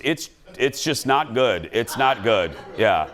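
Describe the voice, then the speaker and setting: A man hosting a studio talk show, animated and jokey as he chats in front of a live audience. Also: mid-range voice, takes it slowly.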